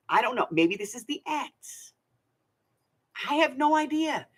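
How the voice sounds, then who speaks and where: A woman's voice: high-pitched, sing-song, measured pace, long pauses, slightly rough. An older woman hosting a craft channel, telling a rambling, chatty story with many asides. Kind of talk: casual storytelling vlog.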